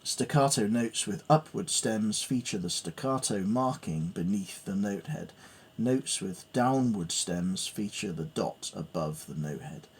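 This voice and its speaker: A man's voice: lowish voice, animated, measured pace, hardly any pauses, husky. A man thinking aloud as he works through piano theory, reading notes and musing hesitantly with fillers. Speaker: piano learner. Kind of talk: thinking aloud while studying music theory.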